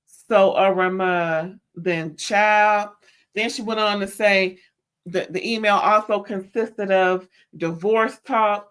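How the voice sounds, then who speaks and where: Woman, recap host; casual, animated storyteller with slang and quick impressions. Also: medium pitch.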